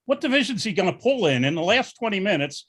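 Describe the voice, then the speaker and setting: A man's voice: high-pitched, very animated, fast talker. A man who used to teach at community colleges, making dry, sarcastic jabs in a casual chat.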